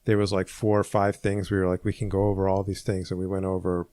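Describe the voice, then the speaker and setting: A man's voice: low voice, little pitch movement, fast, mellow, no echo. A man co-hosting a casual podcast, talking in a rambling way with dry, wry humor. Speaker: podcast co-host.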